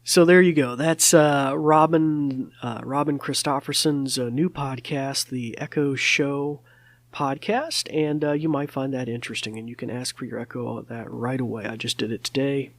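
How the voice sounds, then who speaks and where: A man's voice: mid-range voice, steady tone, moderate pace, no echo. A man hosting a podcast, talking casually with many fillers and restarts. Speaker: podcast host.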